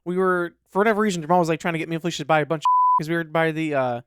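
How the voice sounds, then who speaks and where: A man co-hosting a podcast, telling stories in casual, animated chat. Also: on the high side, rapid-fire, clean tone, dry recording, studio quality. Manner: animated storytelling. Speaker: podcast co-host. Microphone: dynamic podcast microphone.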